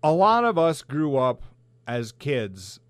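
A man's voice: mid-range voice, sing-song, slow, dry recording, clean studio sound. A middle-aged man from South Dakota, hosting a podcast in a heated, blunt monologue full of swearing. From South Dakota, USA. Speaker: podcast host. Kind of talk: profane ranting monologue.

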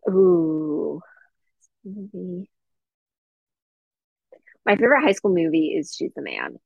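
A woman's voice: deep voice, huge pitch swings, slow, creaky, slightly rough, no room sound. A young woman with a Southern California accent, co-hosting a podcast in a chatty, casual way full of fillers and restarts. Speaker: podcast co-host. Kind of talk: casual chat. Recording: dry, slightly dull lo-fi audio.

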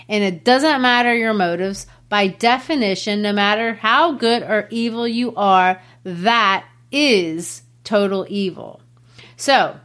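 A woman's voice: mid-range voice, fairly bright tone. A woman in a casual book discussion, earnestly explaining ideas.

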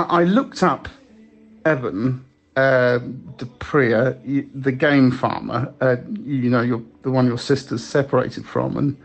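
A man leaving rambling, halting voicemail messages for a friend, with many restarts. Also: medium pitch, gravelly. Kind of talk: improvised comedy voicemails.

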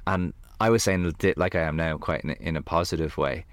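A man, a podcast guest talking casually in a camper van, telling animated stories full of "like". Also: extremely low pitch, brisk, clear, resonant tone, no room sound. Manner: animated storyteller, heavy on "like". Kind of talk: casual conversation.

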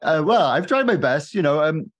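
A man's voice: on the high side, expressive, moderate pace. A Welsh man hosting a podcast interview, chatting in a friendly way with frequent laughs and many fillers and restarts. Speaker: podcast host. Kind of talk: casual interview chat.

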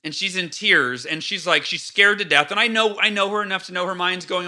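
A man with a high, very bright and forceful voice tells stories in a casual podcast chat. He acts out his own past outbursts with lively energy, then settles back into calm explanation. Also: a little fast, hardly any pauses. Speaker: podcast guest. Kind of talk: casual interview talk.

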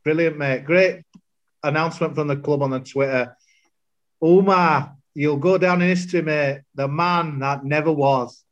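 A man chatting excitedly about football, full of banter. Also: a little high, normal speed, highs cut off. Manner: excitable, banter-filled, says mate a lot. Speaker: podcast contributor. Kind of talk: casual football chat.

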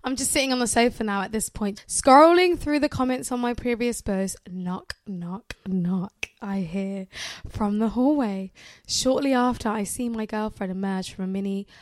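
A woman co-hosting a podcast, reading a story aloud with animated commentary, often laughing and swearing. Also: mid-range voice, moderate pace, hardly any pauses, no echo. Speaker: podcast co-host.

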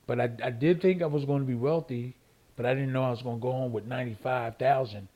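A man's voice: medium pitch, fairly even intonation, quick pace, mellow. An older man, a former boxing champion telling his story as a guest, repeating phrases and acting out old phone calls. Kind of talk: animated storytelling interview.

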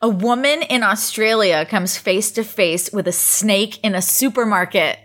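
Female co-host, mid-range voice, casual and teasing, quick to laugh. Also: medium pitch, a bit bright. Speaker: podcast co-host. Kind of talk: casual chat.

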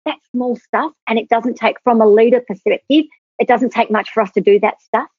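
A woman's voice: on the high side, brisk, no echo. A woman, a podcast guest, telling an emphatic, earnest story about leadership. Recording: tinny phone-like, husky, dry.

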